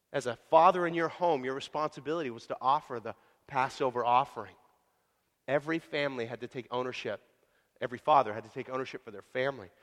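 Male pastor, fairly high voice, animated sermon delivery, casual folksy storyteller, long church reverb. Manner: animated storytelling with sudden loud swells and quiet drops.

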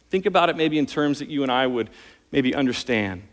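A man preaches in an earnest sermon voice, pushing harder when he drives a point home. His voice sits at an ordinary middle pitch. A long reverb trails his words, as in a large church sanctuary. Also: lively intonation, fairly quick. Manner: earnest preaching, rising in intensity on key points. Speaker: pastor.

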